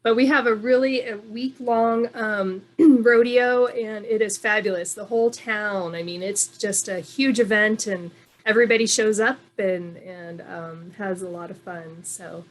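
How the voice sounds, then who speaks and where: A woman chatting casually as a guest from Reno, halting, with many fillers and restarts. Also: medium pitch, steady tone. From moved to Nevada from elsewhere. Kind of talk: casual online chat.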